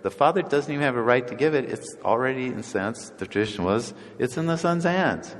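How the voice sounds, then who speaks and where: A man's voice: medium pitch, expressive, a little fast, in a large hall. A man preaching a casual, conversational sermon, often chuckling and acting out the voices of people in the stories.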